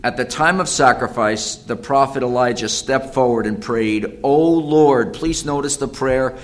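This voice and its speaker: A man preaching a sermon, reading scripture aloud and explaining it, rising to loud dramatic cries and often repeating phrases. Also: medium pitch, a little slow, few pauses.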